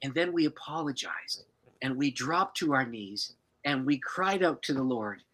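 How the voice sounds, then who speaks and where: A man's voice: mid-range voice, normal speed, fairly bright tone, slightly rough, rough recording. A man acting out a tearful young churchgoing wife who pleads in prayer. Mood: pleading.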